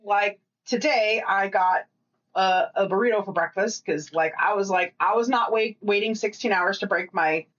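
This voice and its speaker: A woman co-hosting a podcast in casual chat, rambling and swearing freely with quick asides. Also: medium pitch, a bit bright, lo-fi sound. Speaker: podcast co-host.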